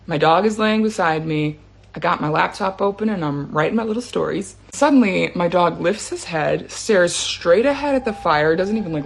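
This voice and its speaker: A woman's voice: fairly low pitch, vocal fry. A woman casually telling a true scary story about herself, chatty, with fillers and the odd nervous laugh. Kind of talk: casual first-person storytelling.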